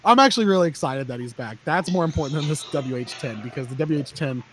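A man's voice: on the high side, lively intonation, quick pace, slight background noise. A man hosting a gear podcast, chatting casually in a rambling, joking way with frequent restarts. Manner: rambling, jokey, restarts often. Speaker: podcast host. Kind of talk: casual chat.

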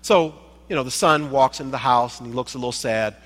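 A man's voice: mid-range voice, brisk, a bit bright. A man giving a sermon as a guest preacher, emphatic, repeating phrases for effect. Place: church sanctuary. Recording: reverberant church sanctuary.

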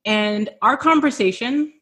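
A woman's voice: a little high, a little slow. Effusive woman hosting a video call. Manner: effusive, tearful, warm affirmations. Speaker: podcast host. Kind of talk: emotional virtual event hosting.

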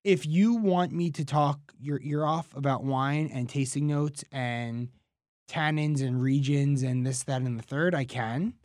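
A man's voice: medium pitch, measured pace, darkish tone, dry recording. A man co-hosting a casual radio food show, rambling and correcting himself with dry humor, recorded on a studio mic. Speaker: co-host. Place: small podcast studio.

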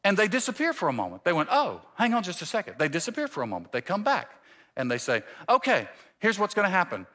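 A male pastor in his forties preaching a sermon, telling a self-mocking story with animated quoted voices. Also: high-pitched, fast. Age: 40s. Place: church stage.

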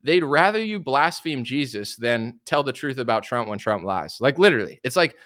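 Sarcastic, animated young man ranting. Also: mid-range voice, moderate pace, dry recording, studio quality. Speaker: political commentator. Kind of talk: opinionated commentary livestream.

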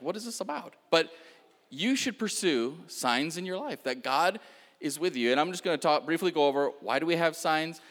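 A man delivers a sermon in a relaxed, storytelling way, full of fillers and small laughs. His pitch swings widely as he talks. The sound carries the long reverb of a big hall. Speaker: preacher. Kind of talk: sermon with personal testimony.

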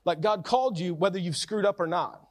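A pastor delivering a sermon in a man's fairly high voice. He talks in a casual, conversational way, often repeating or restarting his phrases. He swings from loud urgency down to near-hushed softness. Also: brisk.

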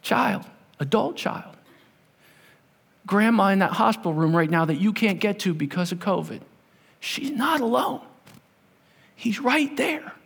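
Male pastor, high voice, dramatic sermon delivery, big reverberant hall. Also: animated, a little slow, creaky, pauses often, husky. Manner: storytelling, swinging from loud to hushed.

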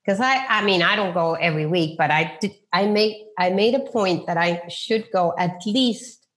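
This middle-aged real estate agent's voice is fairly low in pitch and fairly bright, moving at a moderate pace. She tells faith stories in an interview, acting out quoted dialogue and restarting many times.

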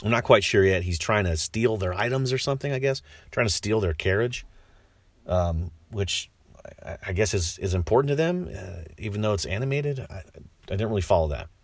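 A man's voice: on the low side, lively intonation, moderate pace, dry recording. A man giving a casual spoken film review, rambling with many restarts and a wry, skeptical tone.

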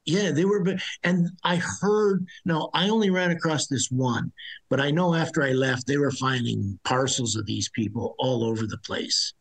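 Gravelly, husky middle-aged man. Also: mid-range voice, moderate pace, low-quality recording. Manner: blunt, rambling, with frequent restarts. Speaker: interview guest, former soldier. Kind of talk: conversational storytelling.

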